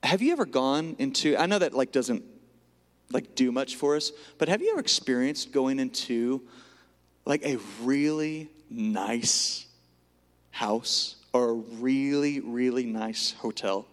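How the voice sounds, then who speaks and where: A man preaching a sermon earnestly, rising to emphatic lines and dropping to hushed whispers. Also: mid-range voice, animated, a little slow. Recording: long hall reverb.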